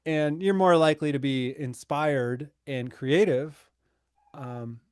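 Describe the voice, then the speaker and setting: A man's voice: on the high side, slow pace, a little mellow, smooth, no echo, clean studio sound. A man in his thirties co-hosting a podcast in casual chat, easygoing and rambling, laughing often. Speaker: podcast co-host.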